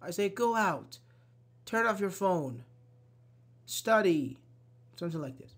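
An online English teacher giving a live grammar lesson, slowly repeating example sentences and answering chat. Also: medium pitch, animated. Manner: slow, repeats examples, apologizes and laughs at own slips.

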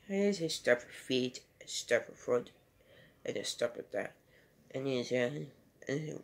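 A man's voice: mid-range voice, unhurried, creaky, fairly bright tone. A man giving a casual home video movie review and retelling scenes in a rambling, loosely strung way.

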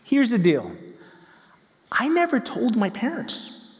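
A man's voice: extremely high pitch, huge pitch swings, takes it slowly. A man preaching a sermon to his congregation, telling a story tenderly and earnestly. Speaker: pastor. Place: large church hall. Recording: long hall reverb.

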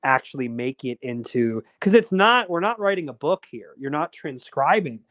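A man's voice: on the high side, animated, moderate pace, a bit bright, no echo, lo-fi sound. A man, a documentary filmmaker, chatting casually as a guest and rambling with lots of fillers and restarts. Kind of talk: casual interview chat.

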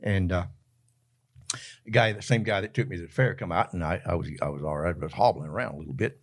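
Gravelly older Georgia man telling tales. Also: deep voice, fast talker. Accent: Southern US, Georgia. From Georgia, USA. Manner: colorful folksy storyteller, laughs often mid-sentence. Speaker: interview guest. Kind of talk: animated storytelling.

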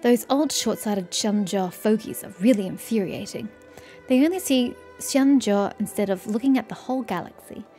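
A woman's voice: medium pitch, moderate pace, warm tone, soft background music, close to an everyday voice. A woman reading the lines of a scornful architect in a video game aloud, in a disdainful, lecturing way. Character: scornful architect who despises old officials.

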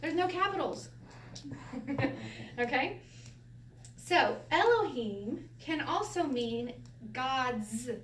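A woman with a fairly high voice teaches a Bible Hebrew class in a relaxed way, laughing and asking her listeners questions as she goes. She is heard from some distance in a roomy space, with a faint hiss underneath. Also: slow, long pauses. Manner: lively, laughs often, explains with rhetorical questions. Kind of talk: informal Bible class lesson. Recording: roomy echo from a distance, faint background noise.

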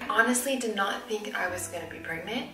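A woman's voice: medium pitch, animated, fairly quick. Young woman, vlogger, breathless, giddy, whispery, distant mic, echoey room, music behind. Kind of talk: excited personal vlog to camera.

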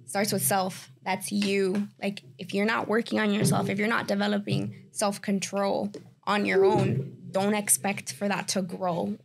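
A woman co-hosting a podcast explains relationship ideas in a steady, conversational way. Her voice has a gravelly fry running through it, at a middling pitch for a woman. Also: a little slow, slight background noise. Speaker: podcast co-host. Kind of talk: explaining relationship concepts in casual chat.

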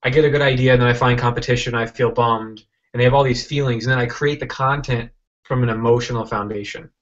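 A man as an interview guest, telling a rambling, animated story with many restarts and acted-out quotes over a video call. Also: medium pitch, quick pace, muffled recording. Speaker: interview guest, software entrepreneur.

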